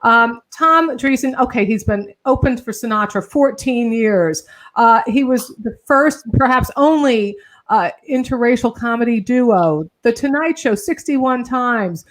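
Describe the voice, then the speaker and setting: A woman with a fairly high voice hosts an online talk show. She gushes over her guest in a quick, effusive way. She plugs the show between questions. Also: animated. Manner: gushing, fast, effusive. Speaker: show host.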